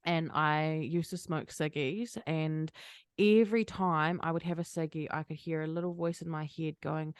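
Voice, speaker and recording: A woman's voice: deep voice, steady tone, normal speed, smooth, no room sound. A young woman co-hosting a podcast in casual chat, swearing and restarting her sentences. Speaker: podcast co-host.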